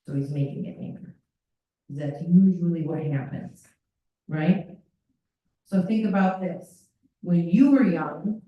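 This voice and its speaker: A woman with a lowish voice takes her time, leaving long pauses, and the sound is lo-fi. Presenting at a parent workshop in a school meeting room, she talks animatedly and acts out kids' voices, picked up from a distance in an echoey room.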